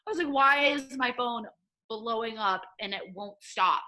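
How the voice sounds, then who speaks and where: A young woman with a Midwestern accent, a podcast guest telling a lively story and acting out what people said. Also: normal speed. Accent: American Midwest. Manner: animated storyteller, acts out quotes with high excited pitch. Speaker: guest, assistant soccer coach. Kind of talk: casual storytelling interview.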